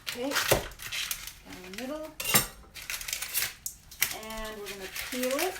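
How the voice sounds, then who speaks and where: A woman's voice: on the high side, expressive, slow, roomy sound, distant mic, very noisy. A woman hosting a casual live cooking demo in a home kitchen, chatting and explaining as she works, often stopping mid-sentence. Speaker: cooking show host.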